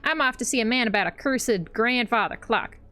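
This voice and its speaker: A woman's voice: a little high, animated, fairly quick, sharp tone. A woman reading out a breezy eccentric shopkeeper.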